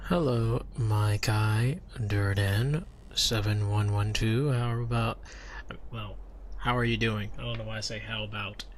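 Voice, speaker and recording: Soft-spoken relaxed male streamer. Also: lowish voice, a little slow, a little hiss or hum. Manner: relaxed, rambling, soft-spoken with playful whispers. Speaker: VTuber streamer.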